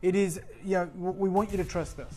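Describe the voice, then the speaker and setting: A man's voice: high-pitched, steady tone, brisk, dark tone. A man presenting on a live TV shopping channel, talking up gems with urgent, persuasive energy in a studio. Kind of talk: live TV sales pitch.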